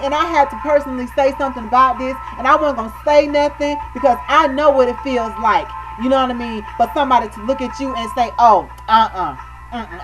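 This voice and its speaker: A high-pitched woman vlogger speaks straight to her viewers in a heated, emphatic rant. She keeps checking in with "you know what I mean" and calls her audience baby. Loud music plays behind her voice. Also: low-quality recording. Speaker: video blogger. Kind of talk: impassioned webcam rant.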